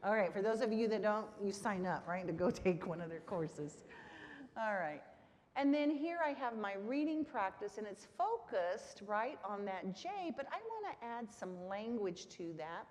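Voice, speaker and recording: Lively woman lecturing in a reverberant hall. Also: mid-range voice, moderate pace. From Texas. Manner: engaging, frequent "right?" tag questions to audience. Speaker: conference presenter on literacy instruction. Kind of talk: conference lecture. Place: conference hall.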